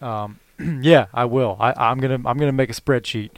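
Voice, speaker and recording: Hesitant man with a smooth, dry voice. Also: mid-range voice, no echo. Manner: hesitant, halting, full of fillers. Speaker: podcast co-host. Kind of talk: casual chat reviewing comedy specials.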